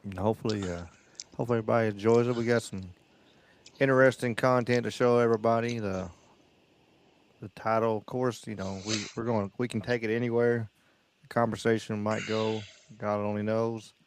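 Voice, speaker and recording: Host, male, drawl, gravelly low voice, dry close sound, rambling delivery. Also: steady tone, brisk, a little hiss or hum. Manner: loose, rambling, many fillers. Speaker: podcast host. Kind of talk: casual chat.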